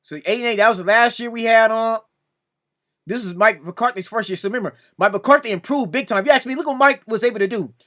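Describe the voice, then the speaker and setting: A man talks through a sports reaction video in a high voice, arguing straight at another commentator. His tone is bright and forceful, and he keeps pleading with exasperation as he makes his case. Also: fast. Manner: exasperated, repeatedly pleading "come on now"; addresses another commentator directly.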